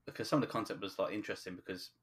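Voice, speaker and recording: A man speaks in a low, deep voice, chatting casually as a podcast co-host. He talks hesitantly, full of ums and restarts, as he thinks aloud. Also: fairly even intonation, rapid-fire, fairly bright tone, a little hiss or hum. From from just outside London, England. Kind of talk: casual chat about a TV show.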